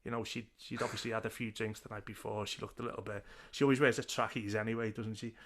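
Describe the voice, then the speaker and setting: A man's voice: fairly low pitch, little pitch movement, quick pace, a bit bright. A man, hosting a casual chat over a video call and telling stories with frequent laughs. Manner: chatty storyteller, laughs often. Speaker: podcast host.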